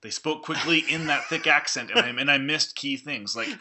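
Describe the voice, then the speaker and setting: A man's voice: on the high side, normal speed, pushed and bright. A man in a casual film conversation, explaining his points earnestly and carefully.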